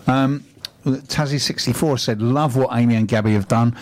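A man's voice: medium pitch, normal speed, darkish tone. A man co-hosting a local business radio show, reading out notices steadily with dry quips. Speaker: radio co-host.

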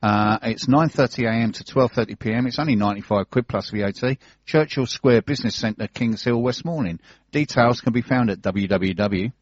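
A man's voice: mid-range voice, brisk, no echo, lo-fi sound. A man with a London accent co-hosting a radio show, chatting and joking as he reads out business event listings. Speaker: radio co-host reading business news. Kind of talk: casual radio chat and listings reading.

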